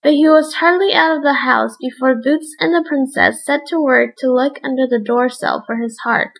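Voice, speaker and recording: Woman narrator for a read-aloud fairy tale, high voice with some vocal fry. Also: a bit bright, low-quality recording. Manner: measured storybook reading. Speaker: storyteller. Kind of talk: read-aloud bedtime story.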